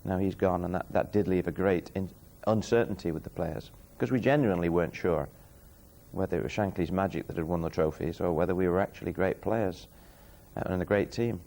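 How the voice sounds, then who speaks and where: A former player in a documentary interview, speaking in a measured, reflective way. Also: male voice, deep voice, creaky, mellow.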